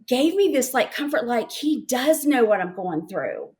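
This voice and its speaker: A middle-aged woman, her voice on the high side and a little mellow with big swings in pitch, recounts an emotional personal experience as an interview guest. She speaks haltingly and repeats words.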